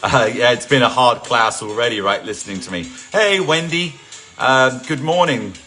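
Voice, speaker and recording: A man's voice: medium pitch, expressive, moderate pace, pushed and bright. A middle-aged man from England hosting a live home workout session, chatting casually, greeting viewers by name and joking. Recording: faint music in the background.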